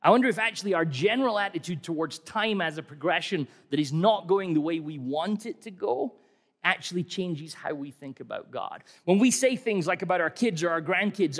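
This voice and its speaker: A man's voice: high voice, animated, brisk. A middle-aged man preaching a sermon in a conversational, wry way, asking many rhetorical questions. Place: church hall. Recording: long hall reverb.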